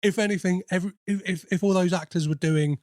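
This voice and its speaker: A man hosts a casual film podcast. His voice sits a little high, and he stops and restarts often. The sound is dry and close to the mic. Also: fairly even intonation, a little mellow, no room sound. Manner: halting, full of fillers and restarts. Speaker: podcast host.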